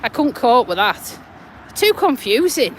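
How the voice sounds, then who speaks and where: A woman's voice: fairly high pitch, sing-song, unhurried, slight background noise. A woman with a Yorkshire accent, from Lincolnshire, chatting bluntly while walking her dog outdoors, recorded on a handheld phone. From Lincolnshire, England. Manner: blunt, chatty, mild swearing. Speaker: vlogger. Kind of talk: casual walking vlog.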